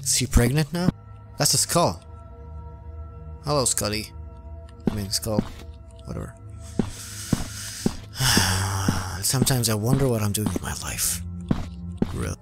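A man's voice: on the low side, animated, a little slow, pauses often. Jumpy young man playing a horror game. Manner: jumpy, swearing, yelps and laughs at scares. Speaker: gaming channel host. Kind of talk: let's play commentary. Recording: game music behind.

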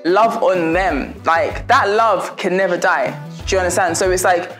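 A young woman vlogger, chatty and laughing as she gives warm, preachy advice in a casual talk to her viewers. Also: lowish voice, fairly even intonation, normal speed, faint music behind.

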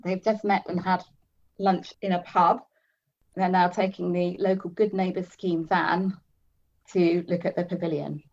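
A woman's voice: lowish voice, level tone, measured pace, darkish tone, lo-fi sound. A woman novelist chatting as a guest, tentative and repeating herself as she thinks aloud. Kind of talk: casual interview chat.

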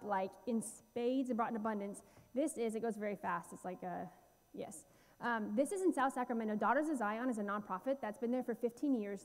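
A woman's voice: fairly high pitch, dark tone, in a large hall. A woman guest speaker giving a heartfelt church talk about slides, earnest and full of fillers and restarts. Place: church sanctuary.

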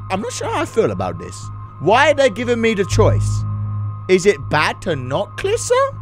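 Hyper youtuber guy doing a let's play, jokey, high voice, faint game music. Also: moderate pace. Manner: excitable, jokey, animated. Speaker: gaming youtuber.

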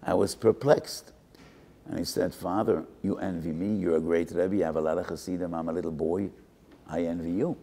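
Older male rabbi; very low, gravelly timbre; earnest, measured sermon delivery. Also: steady tone, dark tone. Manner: measured, earnest, mixes Hebrew and Yiddish terms. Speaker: rabbi giving a short Torah talk. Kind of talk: Torah talk.

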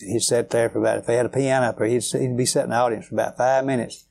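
Rapid-fire and level, this medium-pitched man's voice has vocal fry and a slightly mellow quality, with slight background noise behind it. An older guitarist interview guest, he rambles through folksy stories heavy on fillers.

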